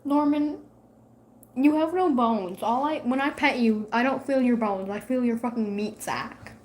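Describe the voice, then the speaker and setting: A woman's voice: a little high, unhurried, slight background noise. A woman vlogging at home in casual chat to camera, swearing and teasing her cat.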